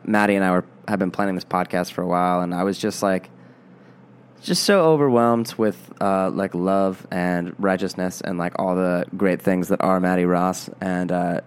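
A man's voice: sits low, fairly even intonation, moderate pace, clean tone. Man hosting a podcast in put-on Irish accent. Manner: self-mocking, digressive, many fillers. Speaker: podcast host. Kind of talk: casual rambling podcast monologue.

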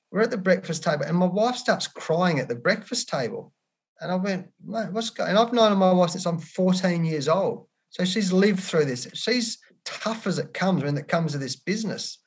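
A middle-aged Australian man answering interview questions candidly and earnestly, repeating words and often saying "mate". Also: fairly high pitch. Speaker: cricket head coach, guest.

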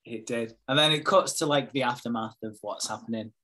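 A man's voice: mid-range voice, bright, forceful tone. Sweary man recapping a show. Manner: sweary, acts out characters' lines in quick impressions. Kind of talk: casual chat recapping a TV episode.

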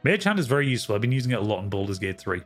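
A man's voice: lowish voice, very animated, rapid-fire. Gm guy, casual swears, laughs a lot, faint music behind. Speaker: game master. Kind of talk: casual chat about a tabletop game.

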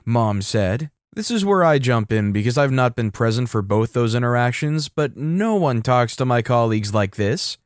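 Man, scripted story narration, steady delivery, dry close sound. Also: mid-range voice, normal speed, few pauses, no echo.

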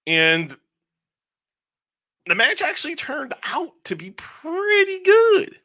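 A man co-hosting a podcast, giving a casual, rambling, animated review with plenty of swearing. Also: extremely high pitch, takes it slowly. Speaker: podcast co-host. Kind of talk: casual show review chat.

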